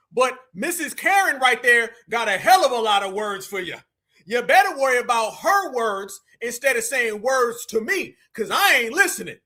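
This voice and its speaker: High bright-voiced man, heated commentary. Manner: emphatic, preachy, repeats phrases for effect. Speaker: livestream commentator.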